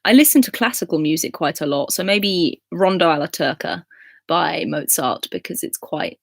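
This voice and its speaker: A young Scottish woman with a lowish voice hosts a relaxed live chat, reading viewers' comments aloud and laughing along. The sound is dry, with no room echo. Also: moderate pace, creaky. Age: 20s. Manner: chatty, laughs often, reads comments aloud.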